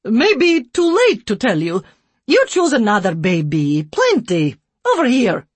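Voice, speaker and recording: A loud, impatient care worker barks short phrases in broken English, her voice pitched higher and pushed hard, as a woman narrator puts her on. She is large and brusque, from a storybook reading, and her husky voice comes through close and dry. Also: huge pitch swings, a little slow, no room sound, heavily acted.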